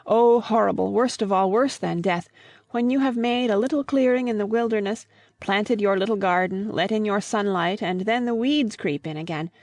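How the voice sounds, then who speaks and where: A woman's voice: mid-range voice, moderate pace, a little mellow, dry recording, close to an everyday voice. A woman reading the part of a grieving old father in an audiobook, earnest and pleading.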